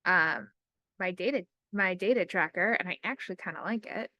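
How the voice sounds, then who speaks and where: A woman who works in special education, giving a casual screen-recorded demo lesson and reading her typed prompts aloud slowly. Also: lowish voice, bright, forceful tone, no echo. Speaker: special education teacher trainer.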